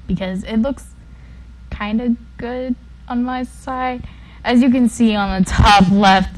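A woman giving casual, playful commentary while playing a video game. She jumps between loud outbursts and mumbled asides. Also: medium pitch, low-quality recording. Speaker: gaming YouTuber. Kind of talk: casual let's-play commentary.

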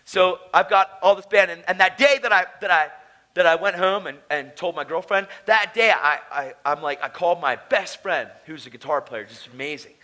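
A man's voice: sits high, moderate pace, bright, forceful tone. A man preaching a testimony at a conference, telling his story in a casual, slangy way. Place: conference hall.

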